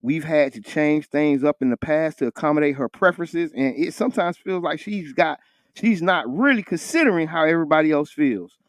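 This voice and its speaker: A man co-hosting a morning radio talk show, with casual, animated banter. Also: a little fast, dry recording, studio quality. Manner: animated, jumps high when joking, laughs often. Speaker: radio co-host.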